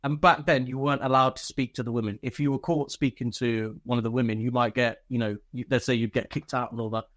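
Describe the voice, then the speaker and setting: A man's voice: mid-range voice, steady tone, fast talker. A man, an army veteran and podcast guest, telling casual stories with plenty of swearing and laughter. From United Kingdom. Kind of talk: casual storytelling.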